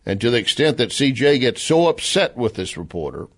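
A Southern-accented man hosts a talk radio show in a sarcastic, animated monologue. His voice sits in a middle pitch, and he slips into mocking voices as he retells quotes. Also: fairly quick, breathy edge. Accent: Southern American. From American South. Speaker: radio commentary host.

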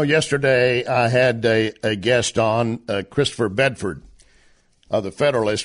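Sarcastic talk show host man. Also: medium pitch. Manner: sarcastic, rhetorical questions. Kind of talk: political commentary monologue.

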